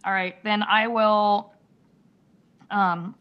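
A woman playing a tabletop game, who talks in a halting, giggly way with lots of fillers. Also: mid-range voice, steady tone, clean tone, muffled recording. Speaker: player. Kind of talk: casual tabletop play.

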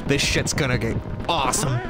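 A man giving casual gameplay commentary, swearing and joking, slipping into quick mock voices for the game villain. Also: medium pitch. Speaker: let's play commentator. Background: game music.

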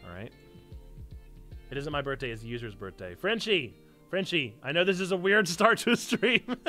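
A young man hosts a live stream in a bright, animated voice and jokes with his chat. His pitch swoops up and down, and he sits a bit higher than most men. Soft piano music plays behind him. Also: moderate pace. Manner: playful, laughing, reading to chat. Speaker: streamer and church host.

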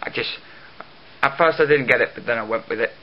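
A man vlogging in a casual, jokey way, swinging from mumbled asides to loud excited bursts, on dull lo-fi camera audio with faint hiss. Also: mid-range voice, fairly quick. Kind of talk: casual vlog.

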